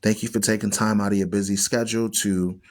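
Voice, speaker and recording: A man's voice: on the low side, flat delivery, quick pace. A man hosting an online Bible radio show, teaching scripture in an emphatic, preachy way and repeating phrases for stress. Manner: preachy, argues with viewers.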